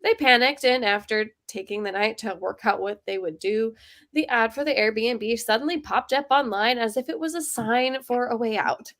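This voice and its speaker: A woman reading a short story aloud, then chatting about it in a lively way. Her voice sits a little high and she laughs often. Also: normal speed.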